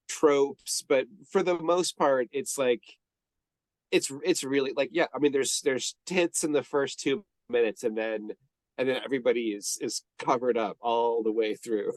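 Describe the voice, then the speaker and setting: A man's voice: medium pitch, a little mellow, no echo. Rambling, laughing male podcast co-host. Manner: rambling, restarts, laughs often. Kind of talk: casual movie chat.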